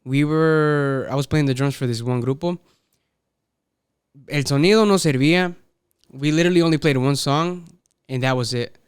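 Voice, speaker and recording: A man speaking as a musician guest in a casual podcast chat, his voice very crisp and close-miked with no room sound. He talks haltingly, restarting his words and drifting between English and Spanish. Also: on the high side, no echo.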